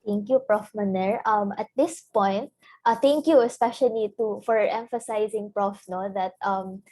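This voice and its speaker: A woman's voice: medium pitch, measured pace, mellow, poor audio. A woman moderating a panel discussion, thanking the speakers in a casual, appreciative way.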